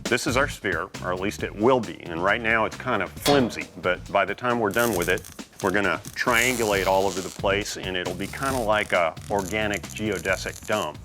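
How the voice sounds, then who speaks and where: A man's voice: on the low side, moderate pace, music in the background. A man co-hosting a build show, talking in a dry, matter-of-fact way. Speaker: co-host. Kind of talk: casual workshop talk.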